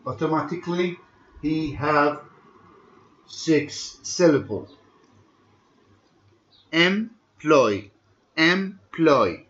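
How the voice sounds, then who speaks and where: A male English teacher, explaining fast and then repeating words slowly for drilling in a recorded lesson. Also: fairly high pitch. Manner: switches between rapid explaining and slow drilled repetition of words. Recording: echoey, dull lo-fi room recording.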